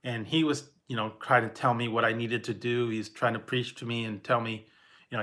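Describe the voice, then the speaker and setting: A man tells personal stories in a loose, rambling way. He stops and restarts his sentences and chuckles often. His voice is bright and forceful at a middling pitch. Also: level tone. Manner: rambling, halting, laughs often. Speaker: vlogger. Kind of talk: casual personal storytelling.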